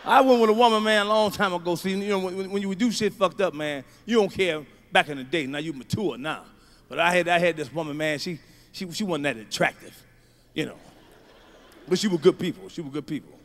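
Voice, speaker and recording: A male stand-up comedian, delivering a profane routine with shouted punchlines. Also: sits high, a little fast.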